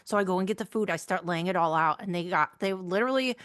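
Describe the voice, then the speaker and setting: A woman co-hosting a podcast, telling trip stories in a lively, swearing, casual way. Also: lowish voice, quick pace, dry recording, studio quality. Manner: animated, swearing storyteller. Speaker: podcast co-host. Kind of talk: casual chat.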